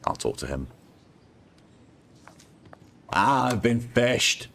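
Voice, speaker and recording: A man's voice: mid-range voice, big pitch swings, drawn-out words, creaky, fairly bright tone, slight background noise. A man streaming a game, chatting casually and telling corny jokes. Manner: jokey, chatty, laughs at his own puns. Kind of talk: casual gameplay commentary.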